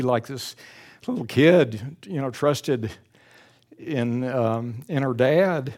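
A man's voice: mid-range voice, lively intonation, takes it slowly, darkish tone. An older man delivers a sermon in an earnest, folksy way. He reads a story aloud and breaks off into plain personal asides, with the odd stumble and self-correction along the way. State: choked up with emotion. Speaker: preacher.

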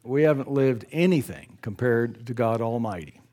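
A man's voice: mid-range voice, animated, normal speed, dark tone. An older man preaching a sermon, reading a story aloud and breaking off for folksy personal asides, stumbling and correcting himself as he goes. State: choked up with emotion.

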